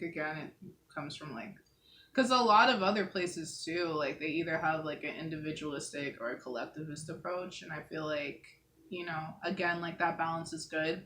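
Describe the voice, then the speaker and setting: A woman's voice: low voice, a bit bright, a little hiss or hum. A woman from Northern California co-hosting a casual chat, reflective and thoughtful, with many "like"s. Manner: reflective, thoughtful, heavy use of "like". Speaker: podcast co-host.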